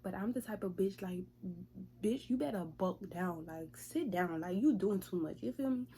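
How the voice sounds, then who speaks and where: A young woman vlogger in casual storytime, retelling events in a profane, chatty, lively way. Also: medium pitch, normal speed, slight background noise.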